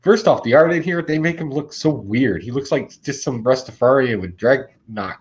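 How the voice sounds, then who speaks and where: A man in his forties co-hosting a comic book podcast, ranting about a bad comic in a casual, animated way with laughs. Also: medium pitch, moderate pace, muffled recording. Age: 40s. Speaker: podcast co-host.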